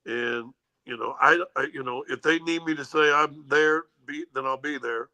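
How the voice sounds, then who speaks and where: A man hosting a casual sports talk show, telling animated stories and mimicking others. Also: fairly high pitch, moderate pace, poor audio. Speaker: sports radio host.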